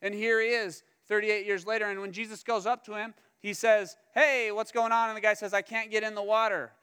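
A man's voice: high-pitched, brisk, clean tone. A man preaching a sermon, telling the story with humor and acting out the characters' lines. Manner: animated, humorous storytelling with acted-out quotes. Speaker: pastor. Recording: long hall reverb.

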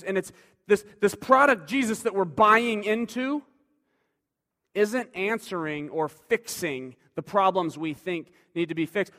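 A male preacher giving a sermon in a conversational way, moving between loud emphasis and quiet asides. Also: high-pitched, unhurried. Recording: long hall reverb.

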